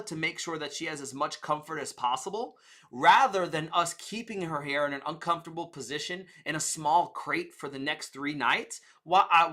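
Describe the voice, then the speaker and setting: A man's voice: fairly high pitch, bright, forceful tone. A man voicing a polite female vet clinic receptionist with a soothing, courteous phone manner.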